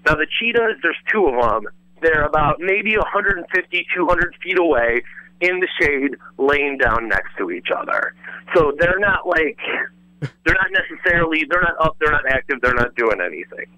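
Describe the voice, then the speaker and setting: Excited storytelling man, bright forceful voice. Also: fairly high pitch, normal speed, dry recording, low-quality recording. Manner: rambling, restarts with lots of "like", swears freely. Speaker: former radio host telling a story as a guest. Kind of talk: animated casual storytelling.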